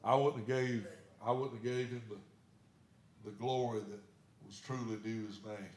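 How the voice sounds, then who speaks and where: Folksy pastor in an echoey church. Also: male voice, medium pitch, fairly even intonation, measured pace, darkish tone. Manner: folksy, plainspoken storytelling. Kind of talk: sermon storytelling. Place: church sanctuary.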